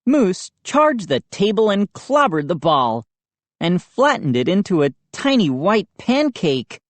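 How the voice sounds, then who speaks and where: A woman narrating a children's horror audiobook in an expressive, unhurried reading. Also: mid-range voice, dry recording. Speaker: audiobook reader.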